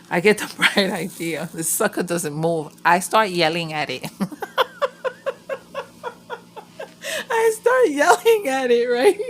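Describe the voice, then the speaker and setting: A woman's voice: lowish voice, a bit bright, slight background noise. A woman vlogger chatting casually while crafting, rambling and swearing freely as she tells a story.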